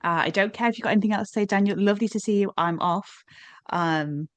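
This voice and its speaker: A woman's voice: medium pitch, fast, no echo. A woman co-hosting a podcast in casual chat, hesitant as she thinks aloud. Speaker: podcast co-host.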